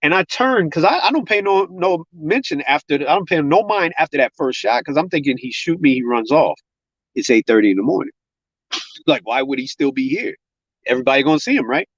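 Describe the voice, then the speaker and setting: A man's voice: a little high, animated, brisk, fairly bright tone, husky, dry recording. A man, a guest on a podcast, telling his own story of survival in vivid detail and acting out what others said, in casual spoken grammar. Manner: vivid storyteller, acts out other people's words. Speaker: guest, gun violence survivor. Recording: dull, lo-fi sound.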